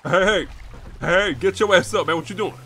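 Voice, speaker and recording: A man's voice: high voice, normal speed, bright, forceful tone, a little hiss or hum. A man streaming a game role-play as a pirate robber, brash and profane, throwing in growled pirate calls.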